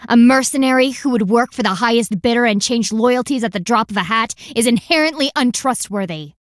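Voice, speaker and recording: A woman's voice: a little high, brisk, dry recording, clean studio sound, natural voice. A woman voicing a stern young warrior who talks in a formal, clipped and severe way, in a video game.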